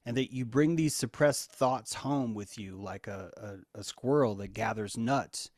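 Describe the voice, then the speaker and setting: A man in a group discussion, answering thoughtfully and haltingly. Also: mid-range voice, darkish tone, dry recording. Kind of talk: reflective casual discussion.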